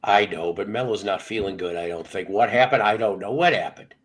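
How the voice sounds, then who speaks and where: A man's voice: fairly low pitch, brisk, low-quality recording. Rambling, jokey man hosting a show. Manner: rambling, jokey, swears freely. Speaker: podcast host. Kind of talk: casual chat.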